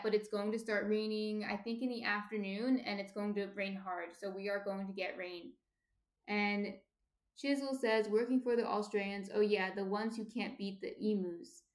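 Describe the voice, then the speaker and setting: A woman's voice: mid-range voice, echoey room. A woman from New Jersey chatting casually on a baking livestream, reading out viewer comments in a rambling way full of fillers and restarts. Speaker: baking streamer. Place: home kitchen.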